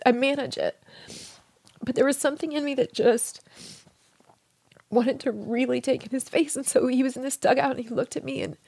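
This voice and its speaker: Creaky-voiced woman, tender and hushed. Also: a little high, no echo. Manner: tender and hushed, often dropping to a soft whisper. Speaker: interview guest. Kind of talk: emotional personal storytelling.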